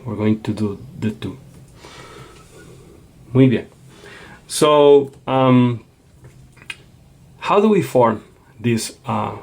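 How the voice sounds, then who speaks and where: A man's voice: on the low side, darkish tone, husky. A man teaching a Spanish lesson, explaining patiently and checking in with a frequent "okay?". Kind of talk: classroom lecture.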